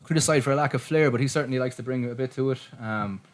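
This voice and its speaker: Fast-talking Irish man on a podcast. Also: mid-range voice, slight background noise. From Ireland. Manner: quick, chatty, with frequent restarts and laughs. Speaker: podcast co-host. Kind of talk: casual sports chat.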